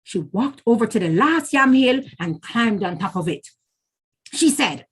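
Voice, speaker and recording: A woman reading a children's folk tale with a high voice and lively, swinging pitch. She takes her time and lets each line land expressively. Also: breathy edge. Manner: expressive, slow and animated. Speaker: storyteller.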